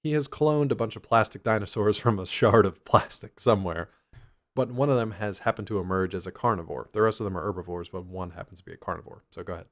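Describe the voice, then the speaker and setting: A man's voice: on the low side, fast. A man co-hosting a podcast, recapping a cartoon with wry, dry asides in casual chat. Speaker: podcast co-host.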